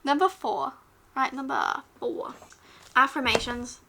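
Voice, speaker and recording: A woman vlogger chatting casually to camera, rambling with many fillers and restarts, sometimes dropping to a soft whisper. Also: sits high, unhurried, creaky, background noise. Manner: drops to a soft whisper at times.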